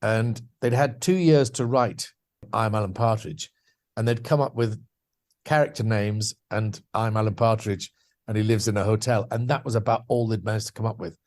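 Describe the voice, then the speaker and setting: A man's voice: lowish voice, normal speed, a little mellow. A man guesting on a podcast, telling anecdotes about his career in a chatty, self-deprecating way with lots of restarts. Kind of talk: anecdotal interview storytelling.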